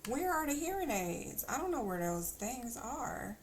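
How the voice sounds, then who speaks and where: A woman's voice: on the high side, sing-song, measured pace, a little hiss or hum. A woman streamer chatting casually as she plays, thinking aloud with teasing asides. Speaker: game streamer. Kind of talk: casual gameplay commentary.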